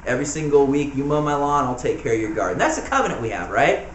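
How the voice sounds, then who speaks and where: A man's voice: mid-range voice, animated, fast. A man preaching an informal home church sermon, conversational and full of "you know" asides and chuckles. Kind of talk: informal sermon, Bible study teaching. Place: small room in a house church. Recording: echoey room, faint background noise.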